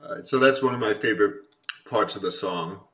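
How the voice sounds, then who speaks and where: A man with a low voice talks through a song in a loose, casual way. He reads lines out with feeling and swears freely. He sits slightly back from the mic. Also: a little fast, recorded from a distance, heavy background noise. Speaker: reaction video host.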